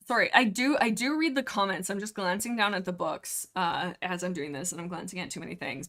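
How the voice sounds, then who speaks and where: A woman's voice: lowish voice, fairly bright tone. A young adult woman hosting a casual livestream, rambling with lots of filler "likes" as she chats about a book. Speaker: livestream host.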